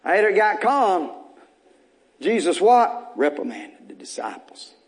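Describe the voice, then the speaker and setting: Here a man with a high-pitched, very animated voice preaches at a measured pace. Repetition and climbing bursts of emphasis drive his sermon, which has the rich, rhythmic flow of a pastor speaking to his congregation.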